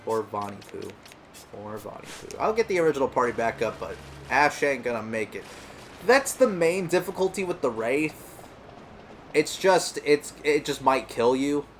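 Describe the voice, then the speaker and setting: A man's voice: fairly high pitch, lively intonation, normal speed, a little hiss or hum. A man giving casual, rambling let's-play commentary, full of fillers and self-corrections. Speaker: gameplay commentator.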